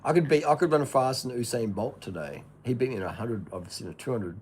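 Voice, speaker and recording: A woman voicing a boastful young man with a mock Indian accent, bragging in a deep put-on voice. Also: lively intonation, quick pace, a little mellow, a little hiss or hum.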